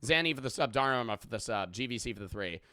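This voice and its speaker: A man's voice: mid-range voice, animated, fast, bright, forceful tone, clean tone, dry recording, studio quality. A young adult man chatting casually on a live stream, rambling and joking, swearing freely and thanking viewers for subs.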